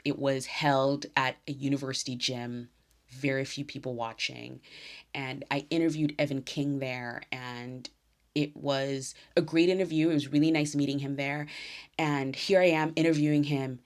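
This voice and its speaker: A young adult woman from the United States hosting a casual solo tennis podcast, chatty and effusive, sometimes trailing off into soft near-whispers. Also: very deep voice, fairly even intonation, normal speed. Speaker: podcast host.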